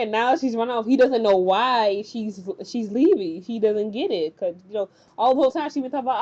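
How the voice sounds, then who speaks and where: A woman's voice: fairly high pitch, a little fast, few pauses, a little mellow. A woman casually recapping a TV episode, rambling and colloquial, and acting out the characters' lines as she goes. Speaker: TV recap vlogger. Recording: dull lo-fi recording.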